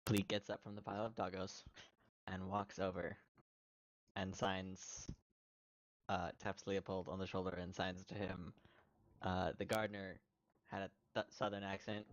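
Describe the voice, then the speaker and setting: Playful low-voiced male player. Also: flat delivery, unhurried, long pauses, dry recording, lo-fi sound. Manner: playful, laughs often. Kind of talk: casual tabletop play.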